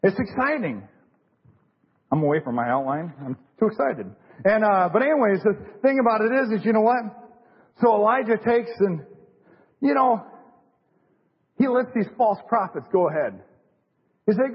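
An excitable male preacher with a very high, husky voice delivers a fervent sermon, circling back again and again to his pet phrases. He speaks from a church sanctuary with a long reverb trailing his words, and the recording sounds dull and lo-fi. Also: moderate pace, pauses often. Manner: excitable, repeats "hey, listen" and "you know what". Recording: echoey hall, muffled lo-fi recording.

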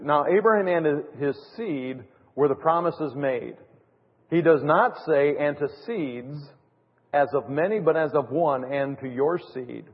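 A man preaching a sermon in an emphatic way, with sarcastic mock quotes. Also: a little high. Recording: tinny phone-like audio in a reverberant hall.

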